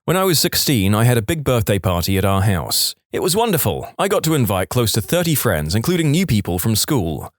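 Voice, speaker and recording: A male podcast narrator reads internet stories aloud in an expressive, storytelling way. His pitch rises and falls a lot. The recording is dry and close, with no room sound. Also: fairly quick, hardly any pauses, no room sound.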